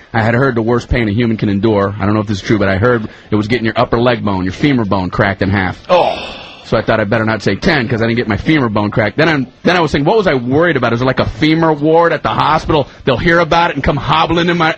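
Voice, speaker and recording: A man telling a comic story as a radio guest, often jumping into loud, high-pitched put-on voices. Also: highs cut off. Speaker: comedian guest. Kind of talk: storytelling comedy bit.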